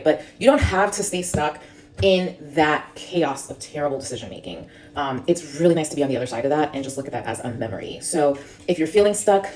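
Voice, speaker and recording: A woman in her thirties, a sobriety coach, tells her own story with frank, conversational candor. Her voice sits low and she talks quickly, full of "like" and "um". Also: darkish tone. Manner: candid, heavy use of filler "like". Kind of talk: personal storytelling to camera.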